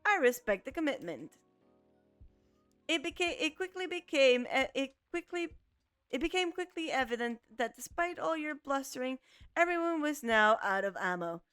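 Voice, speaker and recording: A woman's voice: sits high, very animated, normal speed, fairly bright tone, no echo, soft background music. A woman streaming a visual novel, reading its narration aloud and often stumbling and restarting over the words. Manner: reads with frequent stumbles and restarts. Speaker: let's play streamer.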